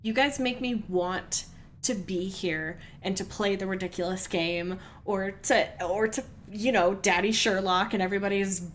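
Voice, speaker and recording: A woman's voice: mid-range voice, measured pace, a bit bright, a little hiss or hum. Rambling, earnest woman streamer. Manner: rambling, earnest, laughs often, reads chat aloud. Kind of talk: casual let's-play chat with viewers.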